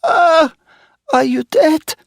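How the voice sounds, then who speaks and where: A man voicing a wild, frightened young German governess who cries out in a shrill, high voice. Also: sing-song, drawn-out words, vocal fry, no echo, clean studio sound, exaggerated voice. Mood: frantic. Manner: shrill, crying out.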